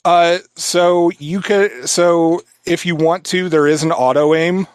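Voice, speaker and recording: A man's voice: fairly high pitch, steady tone, takes it slowly, smooth, dry recording, clean studio sound. A man in his thirties, a podcast guest explaining a game in a loose, rambling way full of "like" and "uh". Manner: rambling, filler-heavy explanation. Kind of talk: casual podcast chat.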